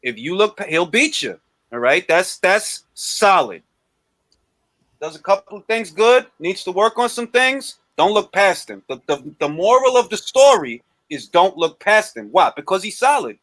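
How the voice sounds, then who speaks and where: Lively high-pitched man chatting about boxing. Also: moderate pace, no room sound. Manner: animated, repeats himself for emphasis. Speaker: boxing show co-host. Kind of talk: casual livestream chat.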